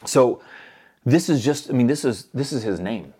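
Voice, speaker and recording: A man preaching a sermon earnestly, moving between loud urgent stretches and soft hushed ones. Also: medium pitch, animated, moderate pace, breathy edge.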